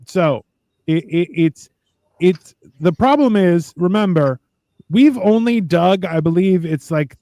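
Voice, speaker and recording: A man's voice: fairly high pitch, darkish tone, no echo. A man hosting a casual livestream chat, ranting and sarcastic, with plenty of profanity. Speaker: podcast host.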